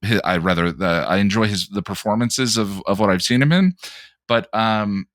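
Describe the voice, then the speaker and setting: Male podcast co-host, lowish voice, dry close mic; analytical, halting delivery. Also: a bit bright, dry recording. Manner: thoughtful, analytical, hesitant with many pauses. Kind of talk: casual podcast discussion.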